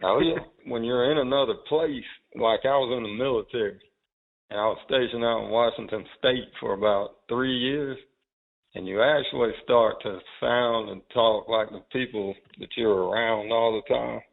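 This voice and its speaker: A man with a thick Southern drawl tells stories in a relaxed, unhurried way as a podcast co-host. His voice is gravelly with plenty of fry. The sound is thin and tinny, as if heard over a phone line. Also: medium pitch. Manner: relaxed storytelling, drawn-out anecdotes. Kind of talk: casual chat.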